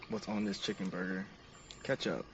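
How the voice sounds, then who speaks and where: A man's voice: low voice, expressive, normal speed, gravelly, a bit bright, far from the mic, lo-fi sound, a little hiss or hum. A man narrating each step of a game to his stream chat in an upbeat, casual way.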